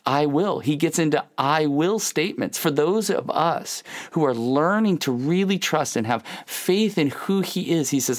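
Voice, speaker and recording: A man preaching in an earnest, encouraging way. His voice has a gravelly edge, and his pitch sits in an ordinary middle range. He often slows down and sinks into soft, hushed asides. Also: lively intonation. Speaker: pastor. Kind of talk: devotional sermon podcast.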